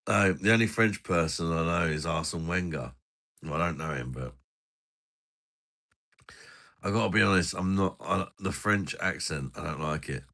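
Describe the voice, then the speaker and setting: A man's voice: deep voice, brisk, pushed and bright. A man hosting a casual beer-review live stream, bantering and swearing with viewers.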